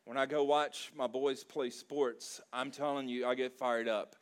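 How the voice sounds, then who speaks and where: A middle-aged pastor from South Louisiana preaches a sermon, telling stories with humor and deep feeling in an animated, emotional way. His medium-pitched voice is clear and resonant, and he speaks a little slowly.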